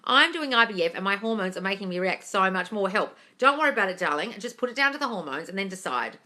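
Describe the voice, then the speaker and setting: A woman's voice: medium pitch, lively intonation, fast talker, hardly any pauses, pushed and bright. A woman, hosting a casual live stream and answering viewer questions, calling them darling and gushing over their news.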